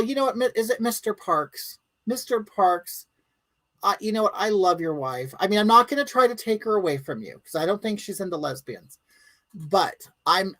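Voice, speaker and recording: A woman's voice: on the low side, low-quality recording. A woman hosting a live stream from home, chatting casually and bluntly with viewers and reading out their comments in a rambling, crude way.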